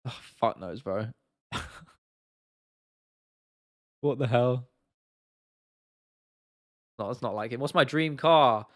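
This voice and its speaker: A man's voice: mid-range voice, expressive, takes it slowly, pauses often, dry recording, studio quality. A young man from England hosting a casual livestream, talking bluntly and swearing freely while reacting to viewer comments. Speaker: livestream host.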